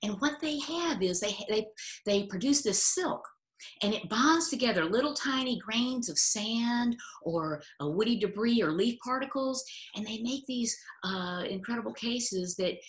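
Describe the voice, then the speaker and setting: A woman's voice: fairly high pitch, expressive, unhurried, roomy sound. An older woman, a retired biologist, telling stories animatedly in an interview and laughing often. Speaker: retired aquatic biologist and educator. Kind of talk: casual interview chat.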